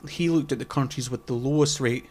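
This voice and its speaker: A man in a loose podcast conversation, circling his point through ums, false starts and the odd swear word. His voice sits at an ordinary middle pitch for a man. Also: brisk, darkish tone. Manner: rambling, many fillers and restarts, swears casually. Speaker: podcast co-host. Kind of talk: casual chat.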